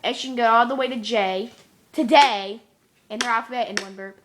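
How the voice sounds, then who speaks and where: A woman talking casually to her camera at home, excitable and quick to exclaim. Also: on the high side, background noise. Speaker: vlogger. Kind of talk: casual chatty vlog.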